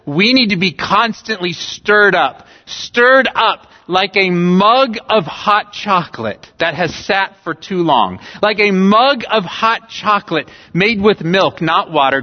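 A man from California preaching a sermon as pastor, emphatic, repeating key phrases and using humorous everyday illustrations, in a church sanctuary. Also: high-pitched. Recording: dull recording with long hall reverb.

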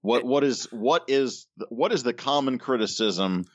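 A man's voice: medium pitch, a little slow, dry recording, lo-fi sound. A man co-hosting a podcast, chatting in a laid-back, teasing way. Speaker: podcast co-host. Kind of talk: casual chat.

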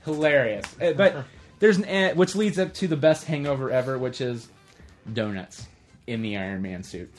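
A man co-hosting a casual podcast, retelling film scenes in a lively way and acting out the characters' lines in quick voices. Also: medium pitch, soft background music. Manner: animated storyteller who acts out movie scenes in quick voices. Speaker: podcast co-host. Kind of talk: casual movie chat.

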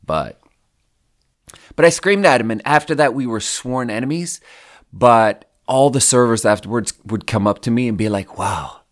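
A man's voice: medium pitch, moderate pace. A man hosting a podcast who tells a rambling, profane story in a casual way. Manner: rambling and profane, with frequent fillers. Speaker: podcast host.

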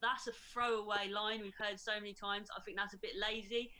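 A woman, a DJ on a radio panel, giving a frank and lively review of a track in casual chat. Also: mid-range voice, brisk. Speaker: DJ and panel guest.

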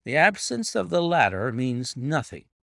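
A man reads aloud as a sharp, composed middle-aged detective, laying out his reasoning in a measured, authoritative and assured voice with lively pitch and a gravelly edge. The performance is heavily acted, and the recording is dry and close with no room sound.

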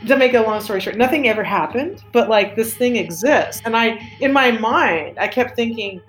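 A woman's voice: medium pitch, fairly quick. A woman telling stories as an interview guest, chatty and rambling, with lots of fillers and restarts. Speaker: design studio co-founder, interview guest. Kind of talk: casual storytelling interview. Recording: roomy echo with faint music.

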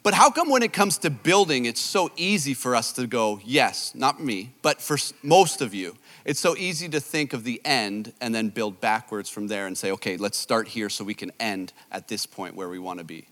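A man, a youth pastor, preaching a sermon and telling self-deprecating stories in an animated way. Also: mid-range voice, moderate pace, few pauses, in a large hall. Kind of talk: sermon with storytelling.

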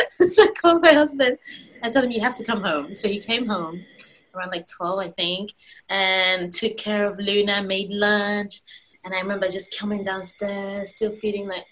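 A woman in her thirties, a guest in an interview, telling a long personal story in a casual, animated way and acting out her own past lines. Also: mid-range voice, a little fast, low-quality recording.

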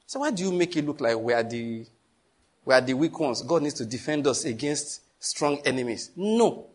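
A man's voice: mid-range voice, lively intonation, normal speed. A man preaching a sermon as pastor, emphatic, repeating phrases and acting out stories.

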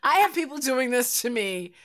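A woman hosting a casual chat show, animated and laughing often. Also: high-pitched, moderate pace, a little hiss or hum. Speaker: host.

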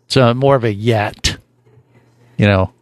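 A man's voice: medium pitch, expressive, moderate pace, dry recording. A man hosting a casual podcast chat, rambling with lots of fillers and restarts. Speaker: podcast host.

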